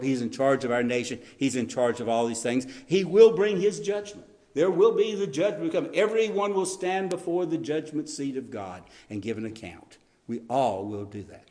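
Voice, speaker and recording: In a sermon, an earnest male pastor with a darkish tone climbs in pitch for scripture and goes low to drive home the important lines. Now and then he ums or starts a sentence over.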